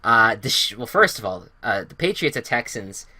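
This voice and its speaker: A man's voice: medium pitch, big pitch swings, moderate pace, bright, forceful tone, no echo. A man hosting a casual sports podcast, rambling through game recaps with many fillers and restarts. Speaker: podcast host.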